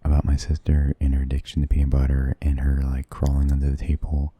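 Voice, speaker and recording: A man with an extremely deep voice, dark and husky with a gravelly edge, tells hesitant, meandering stories in a soft-spoken ASMR style. He talks slowly and often drops into whispers close to the mic. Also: monotone, no echo. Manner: rambling and hesitant, drifting into whispers. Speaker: ASMR creator.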